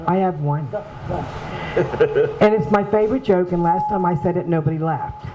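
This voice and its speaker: A woman's voice: lowish voice, normal speed, dull audio, noisy background. A woman in a joke contest telling her single favorite joke, self-deprecating and a little sheepish.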